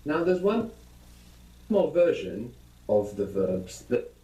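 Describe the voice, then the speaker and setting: A man's voice: mid-range voice, very animated, takes it slowly, mellow, reverberant, low-quality recording. A man teaching a language lesson, patiently prompting his students with questions.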